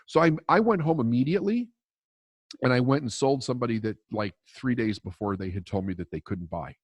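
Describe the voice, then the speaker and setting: Lively, blunt man coaching. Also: mid-range voice, fairly quick, husky, no echo. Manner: blunt, emphatic, swears freely. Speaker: success and mindset coach. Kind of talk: storytelling in a podcast interview.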